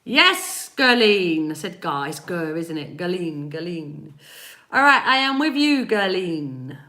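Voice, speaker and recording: Fairly low in pitch yet swinging widely, this woman's sharp-toned voice takes its time. She's an East London spiritual reader and energy healer with the matching accent, chatting on a live stream, laughing, rambling, and greeting viewers by name as she replies to comments.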